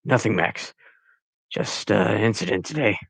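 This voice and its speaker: A man doing a hushed, grieving police chief father. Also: a little slow, vocal fry, husky, no room sound, exaggerated voice. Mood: grave. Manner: low, hushed, heavy delivery.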